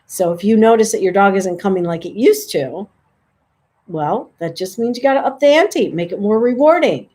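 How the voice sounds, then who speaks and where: A woman's voice: animated, normal speed, mellow. Chatty woman dog trainer. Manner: friendly, chatty, lifts her voice high for sample calls. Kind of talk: casual instructional talk to camera.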